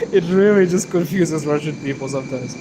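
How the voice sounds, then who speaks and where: Man, somewhat high voice, rambling live-stream chat, phone mic, traffic noise behind. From Zimbabwe. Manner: rambling, chatty, laughs often. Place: city street outdoors.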